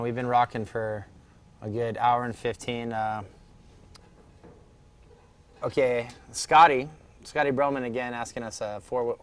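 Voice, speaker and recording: A man hosting a casual live chat and reading viewer questions, with a joking, teasing manner. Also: mid-range voice.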